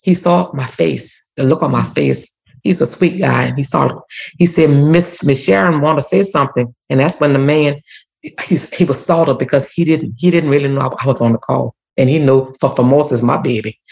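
Gravelly woman telling her story. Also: extremely low pitch, steady tone, brisk, darkish tone, rough recording. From Louisiana. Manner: earnest, repetitive restarts, prayerful. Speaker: community activist, former teacher. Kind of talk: emotional personal storytelling.

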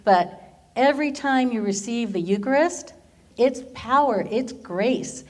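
A middle-aged woman from Orange County, California, giving a personal faith testimony as an animated storyteller who laughs often. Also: a little high, a little slow. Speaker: teacher and church worker.

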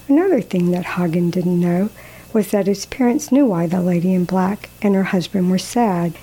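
Woman narrator, story reading, calm, measured, mellow warm tone. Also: mid-range voice, slightly rough, low-quality recording.

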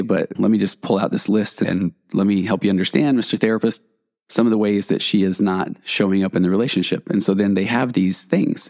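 Low gravelly-voiced male therapist podcaster. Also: darkish tone. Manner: explanatory, tangent-prone, acts out quoted partners. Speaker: podcast host and marriage therapist. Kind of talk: solo podcast commentary.

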